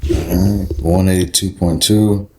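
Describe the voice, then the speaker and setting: Low-voiced easygoing man in an echoey room. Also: steady tone, measured pace, darkish tone, slight background noise. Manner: easygoing, chatty, explains as he goes. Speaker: bodybuilder vlogger. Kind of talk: casual vlog talk to camera. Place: indoor room away from home.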